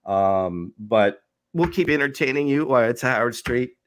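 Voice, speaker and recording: A man's voice: mid-range voice, animated, normal speed, fairly bright tone, slight background noise. A man co-hosting a casual podcast chat, laughing often and mimicking other people's lines. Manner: laughing, imitates callers and hosts. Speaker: podcast co-host.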